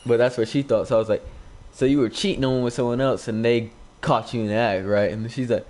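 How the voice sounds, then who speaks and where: A young gaming YouTuber streams live from home while gaming, telling a casual story into a new desk microphone. His voice is medium-pitched, quick and a little mellow, and he rambles, leans heavily on "like" fillers and acts out the quoted lines.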